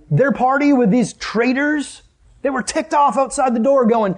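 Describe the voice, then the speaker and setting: A young man preaching a sermon as a youth pastor, animated, acting out scenes and asking the audience questions. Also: very high voice, moderate pace. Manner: animated, acts out scenes with sudden exclamations and laughs.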